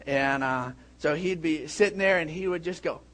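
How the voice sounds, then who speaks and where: A man in his thirties, a pastor preaching a sermon with animated storytelling, who breaks into shouts when he acts out a scene. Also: on the high side, normal speed.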